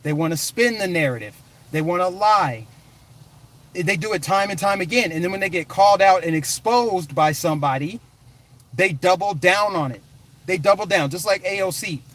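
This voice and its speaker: A man's voice: sits high, animated, moderate pace, fairly bright tone. A man from the United States giving fired-up political commentary in an emphatic, combative, repetitive way.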